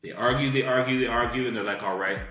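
A podcast co-host with a mid-range voice talks fast, casually retelling a film plot, swearing freely and acting out the sound effects. The room is echoey, with soft music playing in the background.

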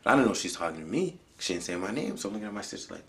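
A man from Canada giving an earnest personal storytelling speech, often dropping into hushed near-whispers for emphasis. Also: on the low side, very animated, rapid-fire. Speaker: public speaker.

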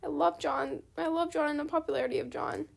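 A young woman with a high voice that drops into a gravelly fry, chatting casually over gameplay. She talks in a loose, rambling way, often saying sorry and perking up at new things. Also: fast talker. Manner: chatty, apologetic, easily excited. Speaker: gaming channel host.

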